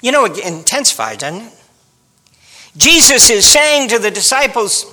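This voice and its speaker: A man's voice: extremely high pitch, sing-song, moderate pace, pushed and bright, long reverb tail. A man preaching a sermon in a wry, dramatic storytelling manner. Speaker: pastor.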